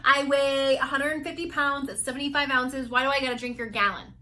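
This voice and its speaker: A reluctant dieting client who argues and whines through every objection, put on by a woman. The voice sits high and sounds bright and forceful. It has the everyday feel of a quick impression. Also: fairly even intonation. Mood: whiny. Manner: whiny, full of excuses and objections. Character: reluctant, excuse-making female diet client.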